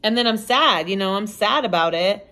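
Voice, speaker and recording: A woman's voice: mid-range voice, expressive, moderate pace, pushed and bright. A young woman from the United States talking casually to the camera in a vlog, candid and rambling, with lots of "like" and "you know". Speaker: vlogger. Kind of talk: casual confessional chat to camera.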